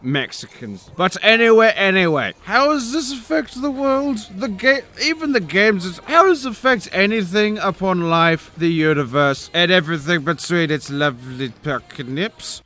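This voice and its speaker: A young man rants through comedic commentary in a bright, sharp voice that climbs high and drops low all the time. He bursts into mock-grand shouts, then falls to muttered asides, and swears freely. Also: very animated, unhurried, hardly any pauses. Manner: swings between mock-grand outbursts and low mutters, profane. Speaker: video commentator.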